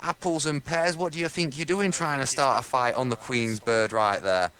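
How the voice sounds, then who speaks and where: A man's voice: medium pitch, steady tone, normal speed, fairly bright tone, voice pushed up, natural voice. A man voicing a pompous English policeman in an exaggerated mock-Cockney put-on. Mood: blustering. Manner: exaggerated put-on London slang, blustering.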